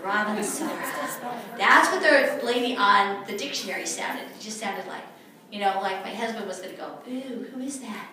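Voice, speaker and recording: A woman's voice: medium pitch, moderate pace, a crowd in the background. Playful woman presenter in echoey room. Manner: playful, teasing, energetic. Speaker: workshop presenter. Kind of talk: live demonstration to an audience. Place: event room at a retreat. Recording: echoey room, mic far off.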